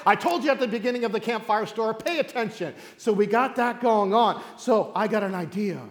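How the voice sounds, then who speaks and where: A man preaching as a pastor, telling a Bible story like a campfire tale, animated and joking, acting out voices and laughing often. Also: sits high, in a large hall. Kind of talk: sermon told as a playful campfire story.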